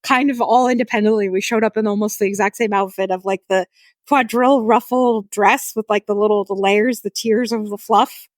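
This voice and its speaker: A woman co-hosting a casual gaming podcast, animated and swearing freely as she acts out lines. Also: mid-range voice, fairly quick, dry recording. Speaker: podcast co-host.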